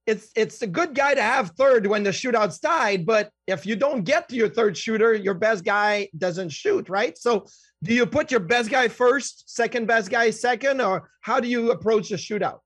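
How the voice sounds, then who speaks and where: A man co-hosting a hockey podcast, firing off quick, chatty questions. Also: high voice, animated, fairly bright tone, slightly rough, dry recording. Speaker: podcast co-host. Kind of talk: podcast interview.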